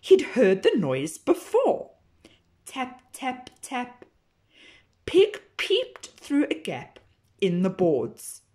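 A woman teacher with a medium-pitched voice reads a children's picture book aloud, slowly and expressively, in a storytelling manner.

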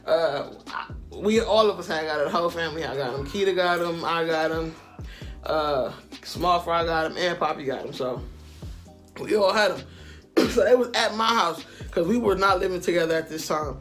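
A man with a high-pitched voice tells a story to camera in casual, profane slang. He keeps checking in with the listener as he goes, and faint music plays underneath. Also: normal speed, fairly bright tone. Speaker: storytime vlogger.

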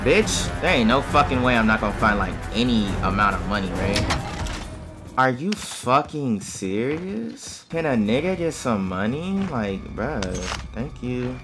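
A young man giving profane gameplay commentary, muttering to himself and then bursting into yelling. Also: mid-range voice, very animated, a little slow, over music. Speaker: gaming channel host.

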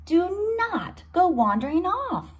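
A woman's voice: big pitch swings, slow, a little hiss or hum, exaggerated voice. A woman doing a flustered mama monkey. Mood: firm, motherly. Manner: gasping, high-pitched when alarmed. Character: flustered mother monkey, anxious and busy.

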